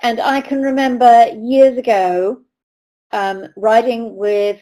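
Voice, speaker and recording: A woman's voice: fairly high pitch, flat delivery, slow, dark tone, poor audio. A middle-aged woman from the UK, a riding coach giving a webinar lecture, telling anecdotes and acting out the voices of people she quotes. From United Kingdom. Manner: storytelling, acts out quoted voices.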